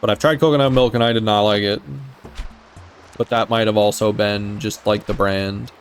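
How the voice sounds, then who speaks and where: A man's voice: on the low side, steady tone, moderate pace, soft background music. Easygoing man chatting while gaming. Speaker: streamer. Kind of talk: casual gaming chat.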